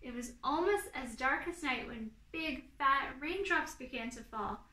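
A woman reads a picture book aloud to preschoolers, expressive and pausing to ask the children questions. Her voice is high and bright, and it echoes in the room. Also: distant mic. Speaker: storyteller.

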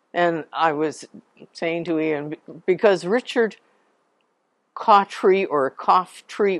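A woman giving an informal public talk as a genealogy society speaker, chatty and digressive, clearing her throat now and then. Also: low-pitched, no echo.

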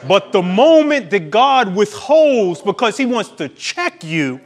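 A man's voice: sits high, very animated, slow. A male pastor preaching a sermon with emphatic, preachy delivery and laughing at his own points.

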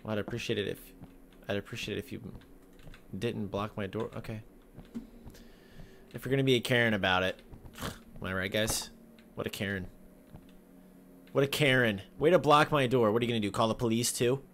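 A man with a fairly low voice jokes his way through a spooky game, chatting to viewers and breaking into sudden yelps. Faint noise hums behind him. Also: fairly quick, gravelly, pauses often. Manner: joking, talks to viewers, sudden yelps and shouts. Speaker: gaming video host. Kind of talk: casual let's-play commentary.

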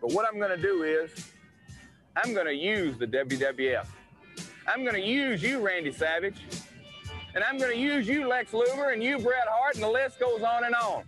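A swaggering country-singer wrestler, acted by a man brags in a high, twangy Tennessee drawl. Loud guitar music plays under this archival promo clip. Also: normal speed. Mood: cocky boastful. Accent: Southern US (Tennessee). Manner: twangy, bragging, mocking. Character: cocky, boastful male country-singer wrestler.

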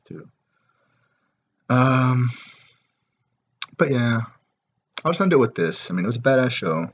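A man's voice: lowish voice, slight background noise. A man ranting casually to camera in a profane, rambling way, full of filler words. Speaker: vlogger. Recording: dull lo-fi recording.

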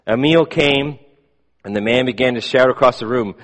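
A man preaching a sermon, telling a story in measured tones that fall soft at the ends of lines. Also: mid-range voice. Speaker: pastor. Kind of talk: sermon with a read-aloud story. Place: church sanctuary. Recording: long reverb of a church hall.

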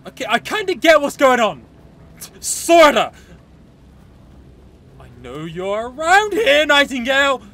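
A man giving excitable, joking let's play commentary, often shouting and swearing at the game. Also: very high voice, measured pace, pauses often. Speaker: gaming channel host.

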